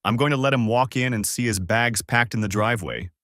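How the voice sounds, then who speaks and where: A man's voice: mid-range voice, a little fast, dry recording, clean studio sound, close to an everyday voice. A man voicing a tense young woman who urgently reports what she sees, in an audiobook. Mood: firm. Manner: urgent, hushed play-by-play. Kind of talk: audiobook character voice.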